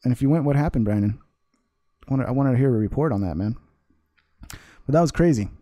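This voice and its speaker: A man's voice: mid-range voice, animated, fast talker, dark tone, dry recording. A man hosting a casual live stream, rambling and laughing often while reading chat comments aloud. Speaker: livestream host.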